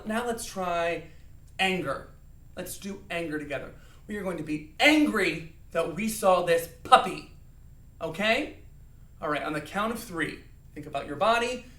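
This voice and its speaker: A man's voice: high-pitched, a bit bright, distant mic. A man teaching an acting lesson to young children, playfully acting out emotions and counting along. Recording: echoey room, voice a bit off-mic.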